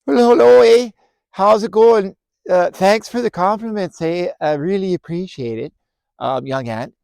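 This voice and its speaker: A man's voice: high-pitched, moderate pace, creaky, darkish tone, clear, resonant tone, no echo, pitched above the performer's own voice. A man voicing a friendly male grizzly bear who rambles chattily and ends lines with "eh?". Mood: chatty.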